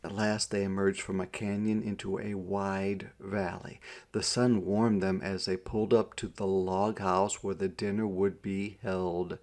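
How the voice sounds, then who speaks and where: Gravelly-voiced man narrating a picture book, unhurried. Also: low-pitched, little pitch movement, darkish tone. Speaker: storybook reader. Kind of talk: read-aloud narration.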